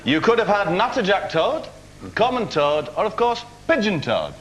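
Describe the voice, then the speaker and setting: A man's voice: high-pitched, big pitch swings, normal speed. A man hosting a comic quiz show, announcing in a playful, mock-dramatic way. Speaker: game show host. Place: TV studio. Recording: echoey studio with loud noise.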